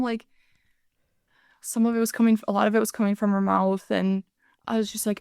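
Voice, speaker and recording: A woman in her thirties, a nurse and paramedic, telling her story as a podcast guest in an earnest, halting way. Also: a little high, level tone, vocal fry, clean tone, dry recording, clean studio sound. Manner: earnest, halting retelling that acts out her own past words. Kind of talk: podcast interview, personal account.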